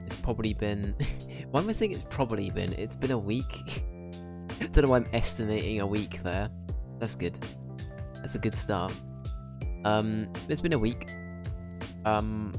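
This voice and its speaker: A man streaming a game, chatting casually to his viewers, rambling and laughing at his own slips as he corrects himself. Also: lowish voice. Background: background music.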